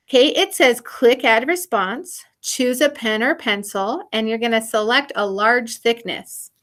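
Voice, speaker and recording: Bright upbeat woman teaching children. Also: high-pitched. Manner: upbeat, encouraging, explains step by step. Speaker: elementary music teacher. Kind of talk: recorded online lesson for children.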